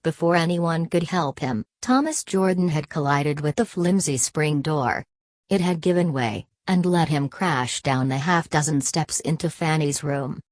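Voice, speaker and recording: Low-voiced woman reading a novel. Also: unhurried, a little mellow, dry recording. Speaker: audiobook narrator.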